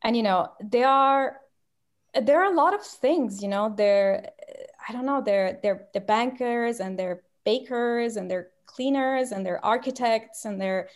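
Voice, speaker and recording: A woman from Romania, a guest in a conversational interview, telling anecdotes with lively restarts and fillers. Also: a little high, a little slow. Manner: animated storytelling, frequent restarts and fillers.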